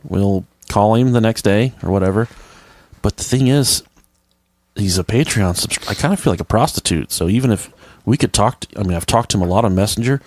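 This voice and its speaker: Man, podcast co-host, very low voice, crude profane banter, dry close sound. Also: fairly quick, a little mellow, no echo. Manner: loose, profane and joking. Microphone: podcast microphone.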